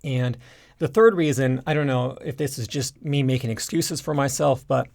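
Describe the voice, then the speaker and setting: A man talking through a stuffed-up nose from allergies, explaining at an easy, rambling pace with lots of fillers. His mid-pitched voice carries a gravelly edge. He sounds like a language teacher chatting to his viewers. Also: moderate pace. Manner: relaxed, rambling, frequent fillers and restarts. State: stuffed up nose from hay fever. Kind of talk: casual explanatory talk to camera.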